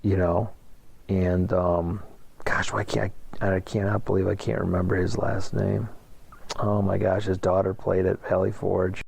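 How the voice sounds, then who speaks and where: A man's voice: low voice, level tone, unhurried, creaky, darkish tone, husky, no echo. A middle-aged man from Ohio, a basketball coach, telling his story in a casual interview with many fillers and restarts. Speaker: high school basketball coach, guest.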